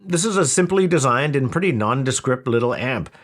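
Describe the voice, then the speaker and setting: A man's voice: mid-range voice, expressive, a little fast, a bit bright. A man talking through a product review in a casual, wry, conversational way. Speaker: audio equipment reviewer.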